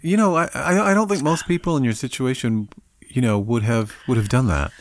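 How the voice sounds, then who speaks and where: A man hosting a podcast, introducing his guest and asking short, calm questions. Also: medium pitch, fairly quick. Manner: calm, brief prompting questions. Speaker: podcast host. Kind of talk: interviewing a guest.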